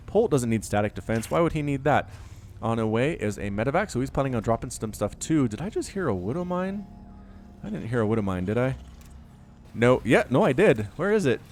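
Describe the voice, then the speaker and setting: A man's voice: medium pitch, darkish tone, a little hiss or hum. A man doing upbeat, jokey solo commentary on a strategy video game, recorded close on a desk mic at home.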